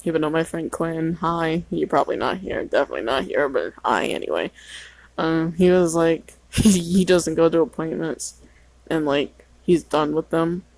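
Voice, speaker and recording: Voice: medium pitch, moderate pace, creaky, no room sound, poor audio. A teenager rambling and venting in a casual vlog, full of "like" and swearing. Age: teens. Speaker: vlogger.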